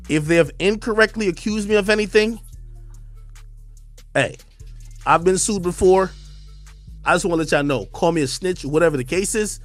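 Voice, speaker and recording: A man's voice: high-pitched, moderate pace, pauses often, soft background music. A man on a stream, ranting in a defiant, emphatic way and repeating his points. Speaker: streamer commentator. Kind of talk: heated livestream rant.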